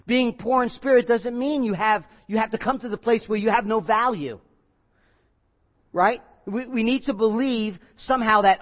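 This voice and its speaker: A man's voice: high voice, moderate pace, lo-fi sound. A man preaching a sermon as pastor, earnest and emphatic, voice rising and dropping.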